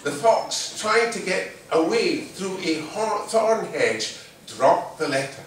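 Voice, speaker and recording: Echoey, lively male storyteller. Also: high-pitched, slow, a little hiss or hum. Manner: lively, humorous, playful. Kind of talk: live folk-tale telling. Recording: distant mic in a very echoey room.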